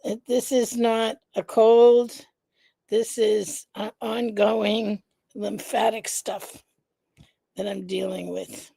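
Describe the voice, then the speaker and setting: A congested woman hosting her live vlog in a casual, chatty way, often pausing with "um" and greeting viewers by name. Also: mid-range voice, flat delivery, vocal fry, mellow, slightly rough, dry recording. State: congested, nasal stuffiness. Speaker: vlog host, founder of an organization. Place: indoors at home.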